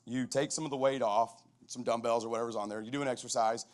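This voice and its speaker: Talking fast with a medium-pitched voice, a middle-aged football coach gives a lively storytelling talk at a chapel, conversational and riddled with restarts.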